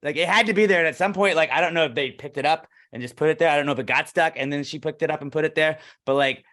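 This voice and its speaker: Guy on a podcast telling a story, swears a lot, bright sharp tone. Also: fairly high pitch, racing. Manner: ranting, acts out quoted dialogue, swears freely. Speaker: podcast co-host. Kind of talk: casual storytelling chat.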